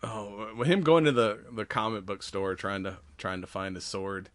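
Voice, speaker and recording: A man's voice: lowish voice, fairly even intonation, normal speed, a bit bright, no echo. A man in his forties co-hosting a podcast in casual chat, laughing often and acting out movie lines in silly voices. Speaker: podcast co-host.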